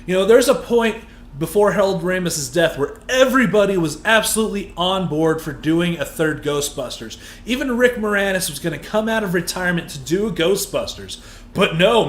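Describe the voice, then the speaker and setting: A man with a high voice reviews a film in a heated, profane rant. His words echo off the room around him. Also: expressive, moderate pace. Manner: heated and profane, escalating into shouted rants. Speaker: movie reviewer. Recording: echoey room.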